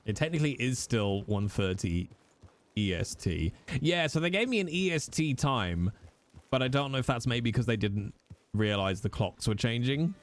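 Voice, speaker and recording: Man, streamer, animated casual chat, swings in pitch, mid-range voice. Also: moderate pace. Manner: animated, jokey, teasing chat and swearing.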